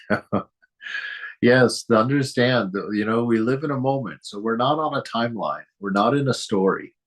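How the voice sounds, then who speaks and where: A man giving a reflective spiritual talk as a teacher, speaking gently, asking many rhetorical questions and chuckling often. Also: mid-range voice, animated, measured pace, long pauses.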